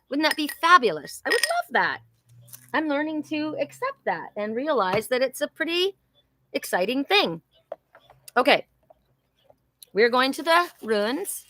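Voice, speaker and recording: Effusive woman in her sixties, bright voice. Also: on the high side, slight background noise. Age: 60s. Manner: effusive, chatty, talks to viewers by name. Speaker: host. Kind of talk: live-stream oracle reading and chat.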